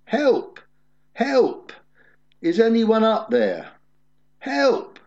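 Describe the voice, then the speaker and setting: A frantic, desperate man clinging to a branch above a drop yells for rescue in a high, strained voice, as a preacher puts him on in a sermon story. His pleas are high-pitched and lively against a dull, lo-fi recording. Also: slow. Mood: panicked. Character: desperate man dangling from a cliff.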